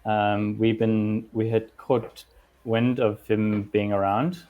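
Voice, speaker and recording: A man playing a tabletop game, recapping in a rambling, relaxed way with fillers. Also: on the low side, slow pace, phone-quality sound. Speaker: player. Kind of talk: casual tabletop game chat.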